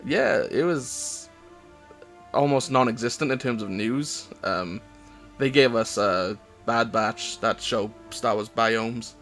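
A Welsh man chatting casually on a podcast through a headset mic. His voice sits at an ordinary middle pitch, and he talks in loose, hesitant runs full of "um" and "like". Faint music plays behind him. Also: slow pace, a bit bright. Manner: rambling, hesitant, many fillers. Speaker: podcast co-host.

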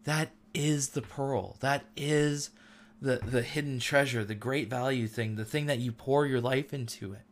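A man's voice: mid-range voice, fairly even intonation, unhurried. A middle-aged man hosting a casual faith talk, speaking earnestly and with feeling, using loose everyday slang. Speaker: host.

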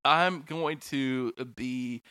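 A man's voice: mid-range voice, extremely slow, pushed and bright, clean tone, dry recording. A man hosting a podcast, chatting casually, laughing often and poking fun at himself. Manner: laughs often, easygoing and self-mocking. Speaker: podcast host. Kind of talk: casual conversation.

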